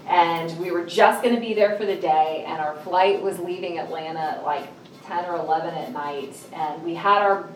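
A woman's voice: on the low side, slight background noise. A middle-aged woman preaching a sermon in a conversational way, telling personal stories and acting out scenes. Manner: conversational and animated, acting out scenes with sudden raised voices. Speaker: speaker at a church or ministry talk. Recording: roomy, distant mic with faint ambience.

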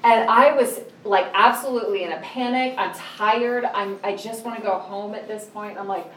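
A middle-aged woman preaches a sermon conversationally at a church or ministry talk, telling personal stories and acting out scenes with sudden raised voices. Her medium-pitched voice moves at normal speed with hardly any pauses. The roomy, distant mic catches faint ambience and a little hiss or hum.

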